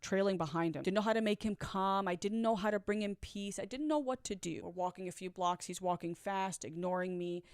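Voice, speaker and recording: A woman's voice: mid-range voice, brisk, few pauses, clean tone, no room sound, studio quality. A young woman earnestly telling a personal story to camera, acting out what people said. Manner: earnest, emotional retelling with quoted dialogue.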